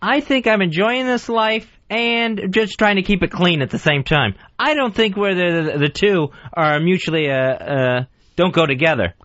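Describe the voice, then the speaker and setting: Higher-voiced male co-host, sincere and a little defensive, dry lo-fi studio sound. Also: moderate pace, fairly bright tone, no room sound. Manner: earnest, defensive storytelling. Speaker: radio show co-host. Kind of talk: radio talk show banter.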